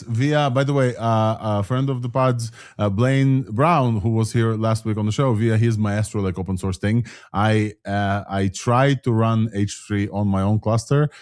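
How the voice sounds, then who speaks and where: A man's voice: medium pitch, a little mellow, dry recording, studio quality. A man hosting a casual live tech talk show, rambling with many fillers and restarts. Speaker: host.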